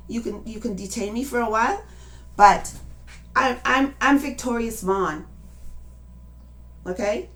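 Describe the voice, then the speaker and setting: A woman's voice: mid-range voice, a bit bright. A woman in her late fifties giving an impassioned, emotional personal testimony and urging listeners to act. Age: 50s. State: emotional, near tears at times. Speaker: activist speaking to viewers.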